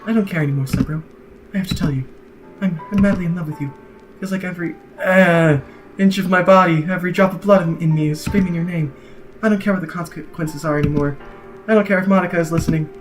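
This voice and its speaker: A man reading the lines of a soft-spoken, obsessive, lovesick young woman from a game, in a hushed, intense voice. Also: sits high, quick pace, music in the background, natural voice. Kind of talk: reading game dialogue aloud.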